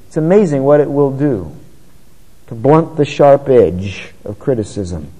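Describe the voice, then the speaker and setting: A man's voice: medium pitch, big pitch swings, moderate pace, mellow, slightly rough, long reverb tail, rough recording. A man preaching a sermon in an earnest, conversational way, often rising in emphasis.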